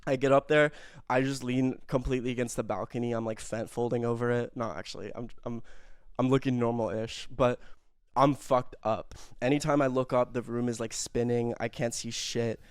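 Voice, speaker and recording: A man's voice: mid-range voice, fairly even intonation, moderate pace, smooth, no room sound, studio quality. A young man telling a rambling, self-mocking story in casual chat, full of fillers and swearing.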